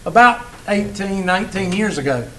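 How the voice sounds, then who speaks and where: A man's voice: high-pitched, lively intonation, normal speed, pushed and bright, rough recording. A man, a college instructor talking casually and teasing his class in a classroom. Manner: folksy, teasing storyteller.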